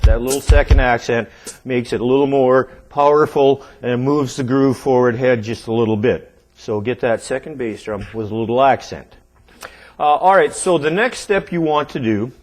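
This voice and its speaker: A man teaching drums, counting beats aloud as he demonstrates and checking in with the viewer often. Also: mid-range voice. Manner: counts rhythms aloud while playing; relaxed, checks in often with okay and all right. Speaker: drum teacher. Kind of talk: instructional demonstration.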